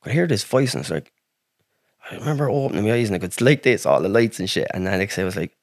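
An Irish man with a lowish voice tells his story as a podcast guest, rambling and swearing freely and filling his talk with "like". The sound is dry and close, with no room echo. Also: expressive, quick pace, darkish tone. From Ireland. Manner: rambling, heavy swearing, frequent "like". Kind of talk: casual storytelling.

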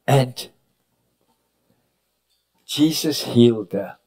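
A man preaching a sermon at a retreat, telling stories, rising to loud cries and dropping to near whispers, sometimes correcting himself mid-sentence. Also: mid-range voice, rough recording. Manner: preaching with sudden rises and hushed drops; storytelling with self-corrections. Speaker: pastor. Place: retreat meeting room.

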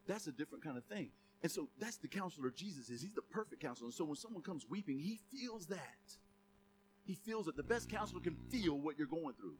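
A man's voice: on the high side, big pitch swings, brisk, slight background noise. A middle-aged man preaching a sermon in a conversational, joking way, full of asides and laughter. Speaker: pastor.

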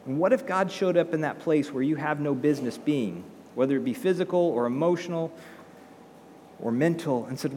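A man's voice: fairly high pitch, moderate pace, warm tone, in a large hall, a little hiss or hum. A male pastor preaching a sermon in a conversational way, with rhetorical questions and acted-out quotes.

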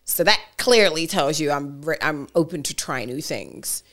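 A woman in her forties from Britain, with a British accent twisted by Brooklyn, telling animated stories as a radio DJ guest in a casual interview. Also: low voice, measured pace. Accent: British mixed with Brooklyn. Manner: animated storyteller, acts out quoted voices.

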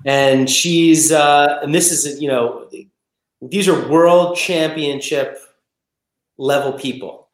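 A man's voice: on the high side, fairly even intonation, slow pace, echoey room, poor audio. A man hosting a casual podcast interview, talking with an enthusiastic, conversational manner. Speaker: podcast host.

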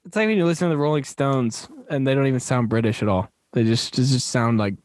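A man's voice: medium pitch, quick pace, a little mellow, dry recording. A man hosting a podcast, chatting casually about a movie, laughing often and repeating phrases. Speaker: podcast host.

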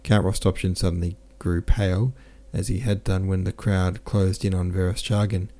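A man reading a classic novel aloud as the narrator, steady and unhurried, now and then correcting a slip. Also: sits low. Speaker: audiobook narrator. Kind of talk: scripted narration.

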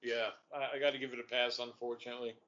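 A man's voice: medium pitch, flat delivery, fast talker, pushed and bright. A man joining a casual movie chat, joking dryly and stumbling over his restarts. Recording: dull lo-fi recording with faint hiss.

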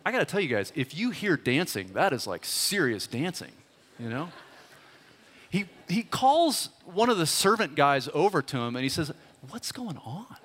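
A man preaching a sermon, retelling a story in a lively, conversational way and speaking directly to the congregation. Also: fairly high pitch, moderate pace. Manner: animated storyteller, talks straight to the congregation. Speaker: pastor. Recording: long hall reverb.

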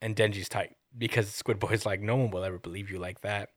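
A man's voice: lowish voice, fast, hardly any pauses, no room sound, studio quality. Casual man retelling a story. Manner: rambling, quotes characters in a lively acted-out way. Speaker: podcast co-host recapping a manga chapter. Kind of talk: casual chat.

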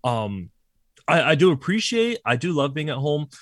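A man's voice: a little high, normal speed, no echo. A man in his thirties chatting casually as a podcast co-host, telling stories with lots of acted-out quotes of friends. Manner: animated storyteller, acts out quoted friends. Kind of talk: casual chat.

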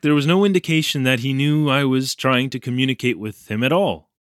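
A man's voice: medium pitch, a bit bright, no echo, clean studio sound. An actor playing a flustered young male English teacher in Japan, telling his ordeal in a wry, self-deprecating way. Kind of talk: audio drama storytelling narration.

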